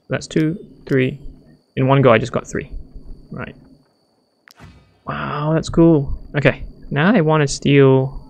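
Gravelly-voiced man, excitable gamer thinking aloud, soft game music behind. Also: medium pitch, dull audio. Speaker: gamer playing a strategy game. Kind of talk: casual let's-play commentary.

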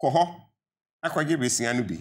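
A man's voice: mid-range voice, fairly quick. Older man, Ghanaian accent, pensioner guest, earnest, insistent, emphatic appeals. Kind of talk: studio panel debate.

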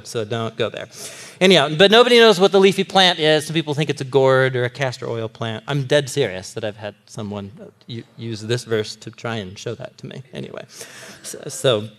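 Animated man teaching with comic flair. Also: medium pitch. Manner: animated and comic, laughing as he tells the story. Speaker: Bible teacher. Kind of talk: teaching a sermon series to a live group.

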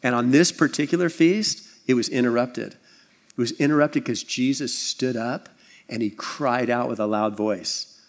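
A man preaching a sermon as pastor, conversational and animated, acting out little scenes with asides. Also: medium pitch, measured pace. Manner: animated, acts out voices and scenes.

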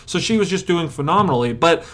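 A chiropractor teaching a workshop method, telling patient stories and acting out what patients and audience members say. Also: male voice, a little high, lively intonation, fast, fairly bright tone. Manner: storytelling, acts out patients and audience. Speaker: chiropractor and coach. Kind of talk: teaching a seminar.

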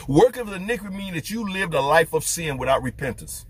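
A man's voice: sits high, animated, quick pace, hardly any pauses. A man preaching as a street preacher, fervent and firing off rhetorical questions. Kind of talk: preaching to camera.

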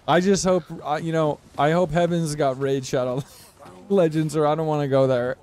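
A young man streams a game and chats casually with viewers, swearing in exasperation as he comments on play. His voice is fairly high and a little mellow, with fairly even intonation. He speaks unhurriedly and pauses often.

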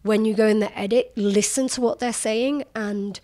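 A woman journalist in her thirties, telling candid stories in a lively way, laughing often and acting out the people she quotes. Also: mid-range voice, moderate pace. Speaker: journalist guest. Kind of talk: candid conversational storytelling.

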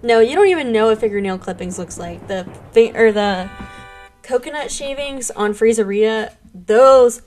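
A young woman streams a game and chats casually, bubbly and gushing thanks to her viewers. Her voice is a little high and darkish in tone, animated at a moderate pace, with soft background music.

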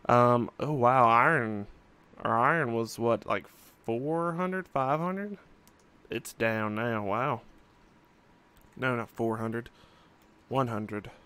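A man's voice: mid-range voice, animated, slow pace, long pauses, pushed and bright, clean tone. A young man casually commenting on his own gameplay, musing and thinking aloud with frequent fillers. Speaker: let's play host.

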